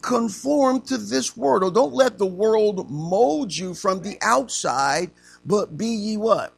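A man preaching an interactive sermon to a class, asking the room questions and acting out stories with slow, emphatic delivery. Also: high-pitched, lively intonation, vocal fry, faint music behind.

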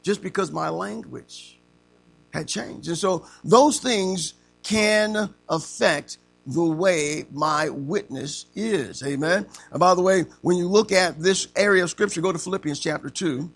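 High gravelly preacher man, bright-toned. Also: measured pace, soft background music. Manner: asks the room questions and acts out stories. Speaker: preacher teaching a class. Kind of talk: interactive sermon.

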